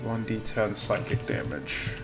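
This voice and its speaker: Relaxed man running a tabletop game. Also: on the low side, unhurried, creaky, over music. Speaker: game master.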